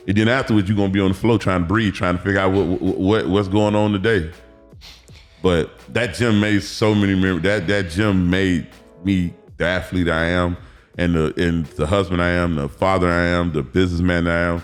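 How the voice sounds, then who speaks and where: A man, a former football player telling animated, profane stories as a podcast guest. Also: low-pitched, brisk, soft background music. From Miami, Florida. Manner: animated storytelling, acts out quotes, profane. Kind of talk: casual podcast interview.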